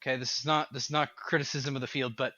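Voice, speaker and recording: A man who is a game developer, talking as a podcast guest in an animated, rambling way. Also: medium pitch, quick pace, no room sound, highs cut off. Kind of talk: casual podcast chat.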